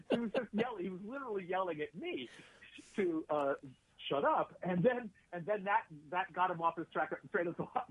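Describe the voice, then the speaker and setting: Guest: a man, a touch high and husky, telling loose, rambling stories over a tinny phone-like call. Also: expressive, normal speed. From United States. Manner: rambling storyteller, many fillers and restarts. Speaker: actor and writer, guest. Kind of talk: casual interview anecdotes.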